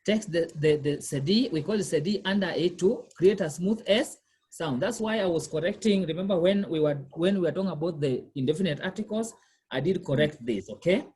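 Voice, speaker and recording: This tutor's voice sits lowish, runs a little fast, and sounds mellow yet slightly rough. She is a woman teaching a language one-on-one, patiently asking questions again and quizzing the learner along the way.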